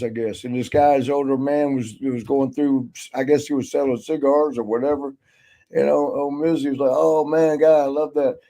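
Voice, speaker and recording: A man's voice: on the high side, warm tone. An older man, a guest on a casual chat show, rambling through a story and acting out what people said. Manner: rambling storyteller, acts out quotes. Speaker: guest, former wrestler.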